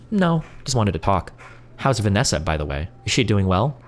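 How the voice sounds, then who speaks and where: A man on a live stream reading a chat exchange aloud, switching between put-on voices with a sarcastic edge. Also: fairly low pitch. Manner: quick, animated delivery with sarcastic put-on voices.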